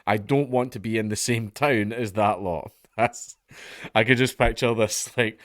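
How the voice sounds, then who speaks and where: A man's voice: on the low side, a little slow, no room sound. Sardonic Scottish man, dry close mic. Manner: sardonic, swears freely, laughs at his own jokes. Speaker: commentary vlogger. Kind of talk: casual comedic news commentary.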